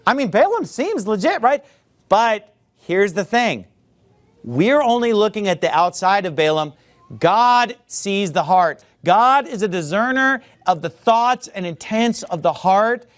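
A man's voice: high-pitched, very animated, unhurried. A man preaching a sermon, speaking emphatically, drawing out key words and addressing the listeners directly as folks. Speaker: pastor.

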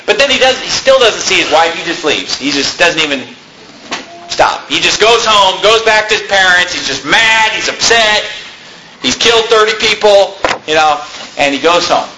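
A man's voice: high-pitched, lively intonation, normal speed. A man preaching a sermon, retelling a story in a casual, joking way. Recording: echoey room, faint noise.

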